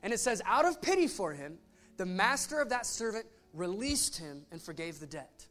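A pastor preaching a casual, animated sermon, retelling a story with voiced asides. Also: male voice, high voice, normal speed, soft background music.

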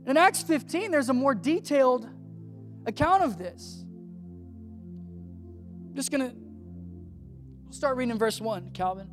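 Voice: sits high, animated, unhurried, long pauses, soft background music. A pastor preaching a sermon in a casual, slangy way, acting out biblical figures as he retells scripture.

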